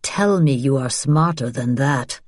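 A woman voicing a weary, bitter middle-aged father who speaks in flat, guarded tones. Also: extremely low pitch, a little slow, no room sound, clean studio sound.

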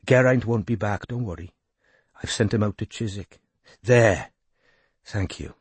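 A deep, coaxing Welsh woman with a husky, soft-spoken voice, as a male audiobook narrator puts her on. She sounds gentle and persuasive, pitched a little low, recorded close and dry. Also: a little slow, dry recording.

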